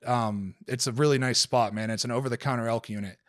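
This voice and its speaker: A man's voice: medium pitch, fairly even intonation, quick pace, a bit bright, no room sound, clean studio sound. A man in a casual podcast conversation, telling a hunting story in a rambling way, with lots of swearing and fillers.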